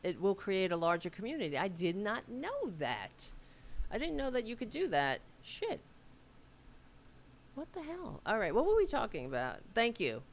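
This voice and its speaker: A woman's voice: medium pitch, wildly swooping pitch, normal speed, a little hiss or hum. A woman hosting a casual livestream, rambling as she reads aloud and answers viewer comments, with a Staten Island accent. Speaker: host.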